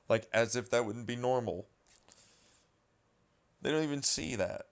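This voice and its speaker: A man's voice: mid-range voice, a little slow, long pauses, smooth. Exasperated man ranting with heavy swearing. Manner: rambling, profane, exasperated. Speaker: vlogger. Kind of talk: casual rant commentary.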